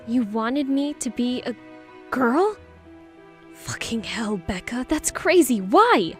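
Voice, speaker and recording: A woman's voice: a little high, normal speed, darkish tone, soft background music, lightly acted. A woman voicing a timid, submissive young man who sounds shaken and hesitant, in an audiobook. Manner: whiny and hesitant.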